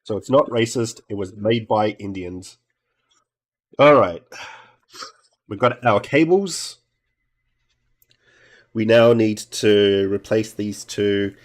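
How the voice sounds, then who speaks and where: A man's voice: fairly low pitch, slow, long pauses. A middle-aged man from Australia chatting casually and muttering to himself while repairing a game console. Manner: mutters to himself and coaxes parts while soldering. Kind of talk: casual talk while working.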